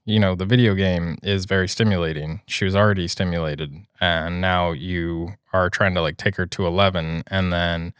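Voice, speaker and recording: Low-voiced man reading a post aloud. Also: steady tone, normal speed, hardly any pauses, clear, resonant tone, dry recording, clean studio sound. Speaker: podcast co-host reading stories. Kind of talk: reading a post aloud, then casual chat.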